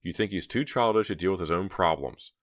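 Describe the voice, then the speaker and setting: A man's voice: low voice, brisk, no echo, clean studio sound, natural voice. A man voicing a defensive teenage girl, talking in tense, clipped lines.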